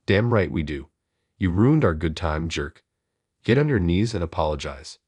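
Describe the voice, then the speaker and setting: Brief: low, husky young thugs, jeering, read by a man narrator. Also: animated, moderate pace, a little mellow, no room sound. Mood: taunting. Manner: taunting, insulting. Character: three rude young male thugs.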